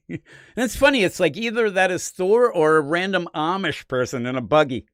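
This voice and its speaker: A man hosting a podcast, talking casually about comics in an animated, rambling way with frequent laughs. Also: fairly high pitch, normal speed, no echo, clean studio sound. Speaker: podcast host. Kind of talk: casual comic book chat.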